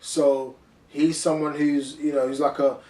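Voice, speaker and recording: A man hosting a relaxed sports talk show. He is chatty and keeps checking in with "you know what I mean". His voice sits a little high for a man, and it sounds roomy and set back from the mic. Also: a little slow. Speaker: podcast host. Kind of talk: casual sports chat. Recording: echoey room, mic at a distance.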